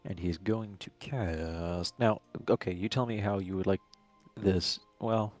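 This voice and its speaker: A man's voice: deep voice, steady tone, a little slow, faint music behind. A man playing a tabletop game over voice chat, playful and full of jokes as he describes what his character does. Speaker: player.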